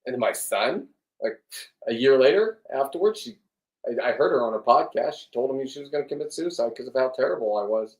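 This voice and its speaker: Sitting distant from the mic in an echoey room, a middle-aged man vlogs in a blunt, meandering monologue peppered with swearing and restarted sentences. His voice is mid-range, animated, brisk and slightly mellow.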